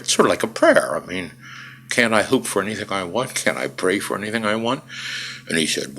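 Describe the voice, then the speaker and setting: Older male interview guest, very low and gravelly voice, emphatic storyteller with dry wit. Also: animated, a little fast, pushed and bright. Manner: emphatic, dry humor, frequent "uh" fillers. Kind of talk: conversational storytelling.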